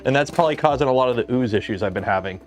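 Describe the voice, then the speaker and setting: A man's voice: medium pitch, expressive, racing, faint music behind. A man with a Canadian accent hosting a livestream in a chatty, jokey, rambling way. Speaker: streamer host. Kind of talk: casual livestream chat.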